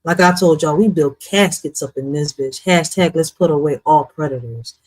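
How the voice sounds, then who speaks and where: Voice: medium pitch, normal speed, a little mellow, rough recording. A true crime commentator speaking bluntly and with profanity, addressing viewers directly in casual reaction commentary.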